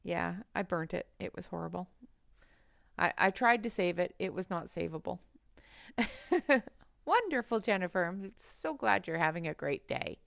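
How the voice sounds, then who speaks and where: A woman's voice: on the low side, lively intonation, measured pace, gravelly, a bit bright, no echo, studio quality. A woman hosting a colouring livestream on a headset mic, chatting casually and greeting viewers by name as she works.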